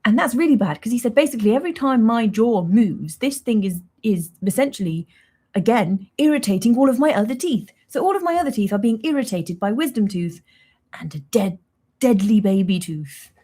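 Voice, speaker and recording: A woman's voice: fairly high pitch, animated, brisk, warm tone, slightly rough. A young woman hosting a casual livestream, chatting in a rambling, self-mocking way and laughing often. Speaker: livestream host.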